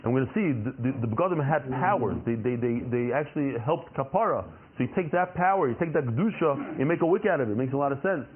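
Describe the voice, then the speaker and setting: A man's voice: mid-range voice, animated, fast talker, hardly any pauses. A man giving a Talmud lesson, explaining by asking questions and answering them himself. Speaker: Talmud teacher. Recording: tinny phone-like recording.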